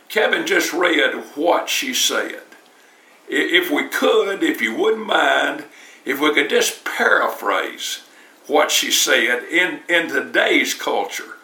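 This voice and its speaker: A man's voice: fairly high pitch, gravelly, pushed and bright. A man preaching a sermon in a church, talking in a conversational way and often repeating words as he restarts. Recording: roomy, distant mic.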